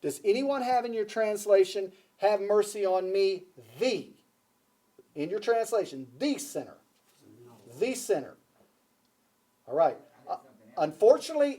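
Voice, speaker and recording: A man with a high-pitched voice and a dark tone preaches a sermon before a church congregation. He speaks emphatically, repeats key phrases, and puts questions to his listeners.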